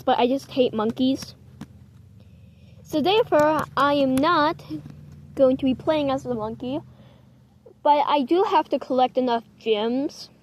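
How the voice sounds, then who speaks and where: High-voiced young woman vlogging outdoors. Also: darkish tone, lo-fi sound, a little hiss or hum. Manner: chatty and rambling, with frequent apologies. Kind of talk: casual outdoor vlog chat. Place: outdoors in the cold, sitting on rocks.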